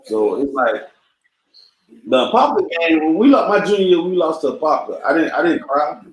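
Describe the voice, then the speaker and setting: A man's voice: a little high, sing-song, moderate pace, echoey room, a little hiss or hum, poor audio. A man co-hosting a podcast, recalling things in laid-back casual chat and often repeating himself. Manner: repetitive, laid-back, often says bro. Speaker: podcast co-host.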